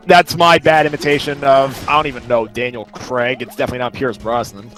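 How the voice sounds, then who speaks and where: A man's voice: medium pitch, fairly even intonation, a little fast, few pauses, fairly bright tone, soft background music. A man hosting a let's play, chatting casually and rambling through long lists of details. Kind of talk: casual chat over gameplay.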